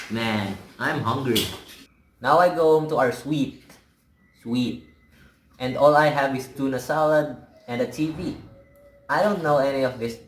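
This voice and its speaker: A young man acting as a hungry, lonely teenage boy, telling his story in a casual, wry monologue with slow, drawn-out words. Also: medium pitch, slight background noise, lightly acted. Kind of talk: dramatic monologue in a student film. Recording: echoey room.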